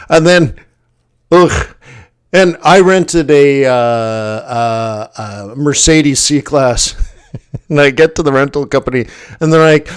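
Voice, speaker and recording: A man hosting a casual livestream, telling a story in an animated way, often acting out quoted voices and laughing. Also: fairly high pitch, slow pace, smooth. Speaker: forex livestream host.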